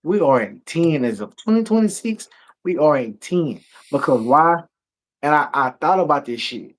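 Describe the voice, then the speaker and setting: A man's voice: a little high, moderate pace. A man co-hosting a casual talk show, ranting emphatically and swearing a lot. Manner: emphatic, profane, animated ranting. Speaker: podcast co-host. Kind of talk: heated casual discussion.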